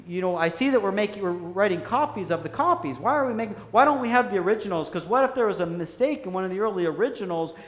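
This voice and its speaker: A man's voice: high-pitched, lively intonation, fast, few pauses, reverberant, big-room sound, pitched above the performer's own voice. A man voicing an eager young male monk who asks worried, curious questions in a raised voice.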